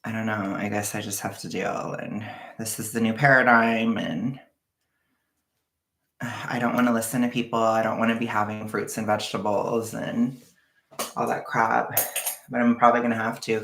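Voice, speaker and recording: A woman's voice: a bass voice, fairly bright tone, reverberant. A woman with a Californian accent chatting casually with her livestream viewers, rambling, sighing and venting with frank frustration. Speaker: vlogger chatting with a live audience.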